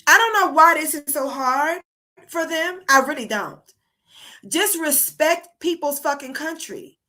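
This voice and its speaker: A woman's voice: high voice, lively intonation, a little slow, bright, forceful tone. A woman hosting a political livestream, ranting in a heated, profane, casual way. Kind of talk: casual live-stream commentary. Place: abroad while traveling.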